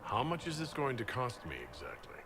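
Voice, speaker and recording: A blunt horned warrior. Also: male voice, mid-range voice, huge pitch swings, fairly quick, noisy background. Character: gruff horned male Qunari warrior, mercenary. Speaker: game character voice sample. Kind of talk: video game voice acting.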